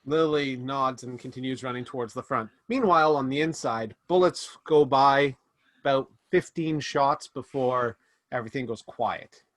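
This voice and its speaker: A man running a tabletop game as game master, narrating scenes with quick restarts and fillers. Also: mid-range voice, fairly bright tone.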